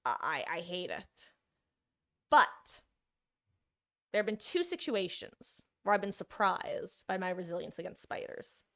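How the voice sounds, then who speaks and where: A woman's voice: on the low side, sing-song, unhurried, pauses often, fairly bright tone. A young woman from New Jersey, a live streamer chatting casually and rambling to her viewers while she plays a game. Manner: chatty, rambling, greets viewers mid-story.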